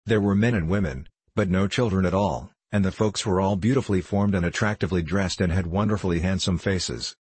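Low, husky male storybook narrator. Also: brisk, hardly any pauses, a little mellow, dry recording. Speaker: audiobook narrator.

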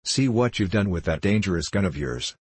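A huge, grumpy storybook rock monster, as a male narrator puts it on, talking harshly through clenched teeth. The voice is low and husky, full of reproach and polite menace. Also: expressive, a little fast, no room sound. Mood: reproachful.

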